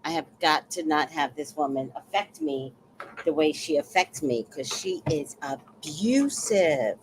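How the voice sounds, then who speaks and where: Animated woman talking slowly on a livestream. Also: low-pitched, noisy background. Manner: emotional, animated storytelling. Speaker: livestream host. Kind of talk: casual livestream talk, reading chat.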